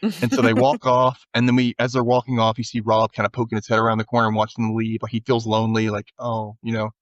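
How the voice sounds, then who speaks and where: A man's voice: medium pitch, fast talker, no room sound, muffled recording. A man hosting a podcast, casually recapping an episode and acting out characters' lines as he goes. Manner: animated retelling, often acting out characters' lines. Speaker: podcast host.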